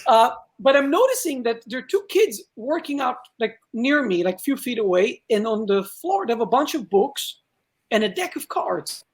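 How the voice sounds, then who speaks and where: A man's voice: very high voice, big pitch swings, moderate pace. A man from Israel with an Israeli accent, a guest magician telling a story in casual podcast talk and acting out the dialogue.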